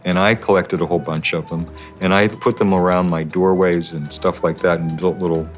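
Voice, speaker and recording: Older man, sixties, artist interviewee; deep voice, rambling storyteller. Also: steady tone, brisk, faint music behind. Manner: rambling, self-correcting storyteller who acts out the people he quotes.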